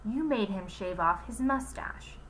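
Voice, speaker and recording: A woman reading aloud as a bold, exasperated schoolgirl who shouts and demands answers. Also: medium pitch, lively intonation, measured pace, slight background noise.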